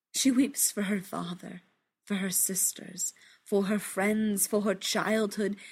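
A woman reading a literary story aloud in a hushed, measured, intimate way, often dropping into a whisper. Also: fairly low pitch, creaky, husky.

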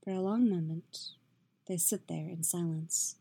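A woman reading a story aloud in a soft, steady, intimate narration. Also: on the low side, unhurried, creaky, husky. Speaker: reader. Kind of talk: audiobook-style fiction reading.

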